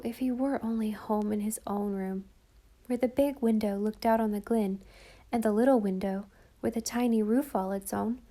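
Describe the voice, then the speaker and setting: A woman's voice: fairly high pitch, warm tone. A woman narrating a children's story as an audiobook reader, shifting lightly between the children's voices.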